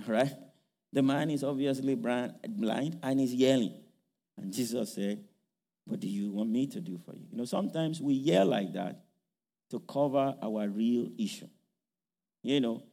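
A man's voice: medium pitch, mellow. A man preaching a sermon, firing rhetorical questions with many fillers and restarts, and raising his voice sharply when he acts out a quote. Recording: long hall reverb.

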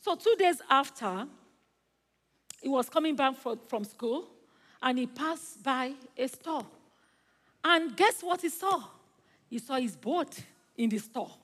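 A woman's voice: sits high, lively intonation, takes it slowly, long pauses, in a large hall. A woman guest preacher in a large church, praying fervently and telling a story to the congregation. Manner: fervent, rising into praise, then gentle storytelling. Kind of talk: sermon with prayer and storytelling.

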